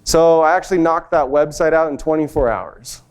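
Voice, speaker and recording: A young man speaking at a conference, telling a personal success story on stage in an animated way and acting out the people he quotes. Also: a little high, normal speed, clean tone. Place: event stage before an audience.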